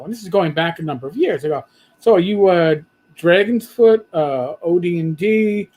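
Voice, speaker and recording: Husky man telling a story. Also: on the high side, brisk, low-quality recording. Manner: storytelling, quoting others in animated bits. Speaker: podcast host. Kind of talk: casual livestream chat.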